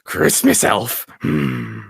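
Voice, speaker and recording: A man's voice: fairly low pitch, huge pitch swings, very slow, creaky, husky, no room sound, clean studio sound, full character voice. A man voicing a tiny old green Christmas elf, who grumbles and talks in backward word order in a tabletop game. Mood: grumbling. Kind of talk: tabletop role-play character voice.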